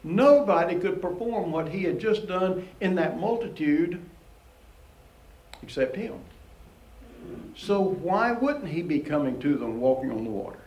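At a measured pace with long pauses, a man teaches from the Bible in a casual, talky style, chuckling frequently. The recording is low quality and the room echoes, and his voice lifts animatedly in pitch as he comments on scripture.

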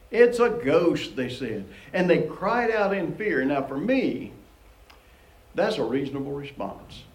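In a reverberant space with poor audio, a man gives a casual, conversational Bible teaching. He chuckles often while reading and commenting on scripture, his pitch rising with animation.

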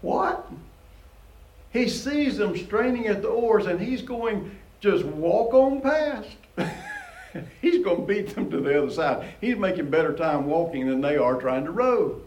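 A man's voice: normal speed, roomy sound, lo-fi sound. A man preaching a casual, conversational Bible teaching and chuckling often as he reads and comments on scripture. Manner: conversational, chuckles often, animated rises in pitch.

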